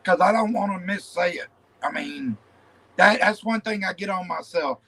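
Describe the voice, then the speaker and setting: High-voiced blunt man hosting a chat. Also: normal speed, gravelly, a bit bright, breathy edge, low-quality recording. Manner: blunt, rambling, repeats himself. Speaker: channel host. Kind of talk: casual panel chat.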